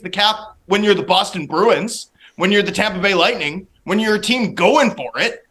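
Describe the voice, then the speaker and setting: A man who writes on hockey, guesting on a sports talk show and arguing fast and heatedly against a trade. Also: high-pitched. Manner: animated, rapid-fire ranting argument. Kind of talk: opinionated sports analysis.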